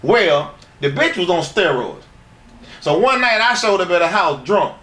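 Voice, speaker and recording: Brief: male interview guest, higher voice, crude rambling stories, echoey room. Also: big pitch swings, measured pace, pushed and bright. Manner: crude, rambling, laughs through his stories. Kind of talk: profane shoot-interview storytelling.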